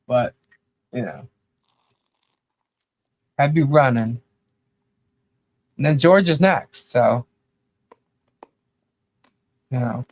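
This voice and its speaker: A man's voice: on the high side, dry recording. A man co-hosting a podcast, delivering critical commentary in a rambling, blunt rant full of "you know" and casual swearing. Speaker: podcast co-host.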